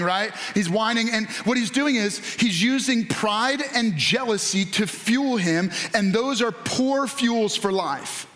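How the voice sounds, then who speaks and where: A male pastor with a high voice preaches with animated energy. He acts out the voices of the people he quotes and rises now and then to a shout. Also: moderate pace. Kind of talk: sermon.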